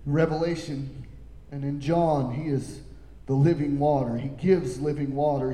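A man preaching a sermon as pastor, swinging from shouted lines down to low, quiet ones. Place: church sanctuary. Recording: echoey hall with long reverb.

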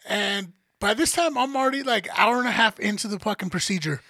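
High gravelly man telling a wild story. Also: a little fast, no room sound. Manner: animated, profane, acts out quotes. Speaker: podcast co-host. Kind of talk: casual storytelling chat.

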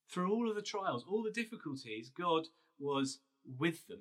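A man's voice: a little high, pushed and bright. A man, a pastor telling a Bible story as a casual, conversational sermon. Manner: storytelling, conversational with restarts and fillers.

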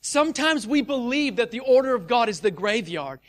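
A man preaching a sermon in a casual, energetic way, talking straight to his listeners and sometimes acting out scenes with shouts. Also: extremely high pitch, moderate pace.

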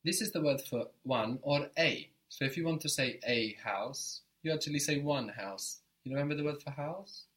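A man's voice: a little high, moderate pace, hardly any pauses, fairly bright tone. A man teaching a spoken language lesson, patiently explaining step by step and encouraging his student.

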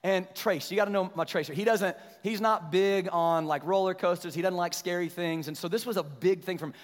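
Casting note: middle-aged male pastor with a high voice, animated storyteller who preaches with slow emphasis, long hall reverb. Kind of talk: sermon. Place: church sanctuary.

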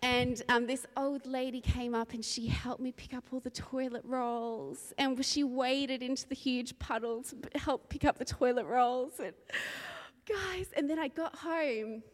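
Woman preacher, somewhat high voice, rambling and animated storytelling, recorded in a large reverberant hall. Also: unhurried. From Australia. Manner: lively, rambling storytelling with laughter. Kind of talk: sermon opening with a personal story.

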